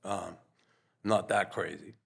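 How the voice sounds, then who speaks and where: Older male guest, gravelly voice, earnest, rambling anecdotes with restarts. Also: deep voice, fairly even intonation, slow pace, a bit bright. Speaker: guest, former pro hockey player. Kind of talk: casual interview storytelling.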